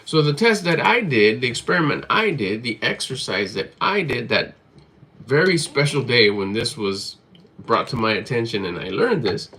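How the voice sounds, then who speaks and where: A man's voice: mid-range voice, very animated, normal speed, bright, forceful tone, a little hiss or hum. A man giving a motivational talk to camera in a blunt, emphatic way, swearing freely and hammering his points through repetition. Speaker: motivational vlogger.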